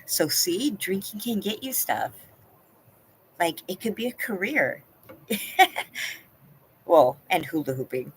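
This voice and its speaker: A woman's voice: lowish voice, big pitch swings, slow, long pauses, slight background noise, low-quality recording. A woman hosting a live stream from home, chatting casually and answering her viewers by name. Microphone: laptop.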